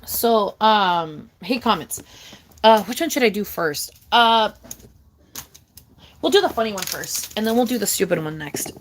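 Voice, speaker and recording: A young woman vlogger ranting casually to camera, swearing a lot and rambling, with big jumps in pitch and loudness. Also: expressive, measured pace, slight background noise.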